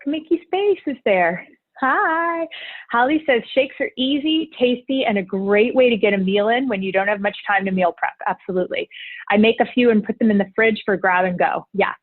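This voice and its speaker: A woman hosting a live online wellness class, upbeat and chatty as she reads out viewers' chat messages. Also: medium pitch. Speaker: cleanse program host. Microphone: video call. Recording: tinny phone-like call audio.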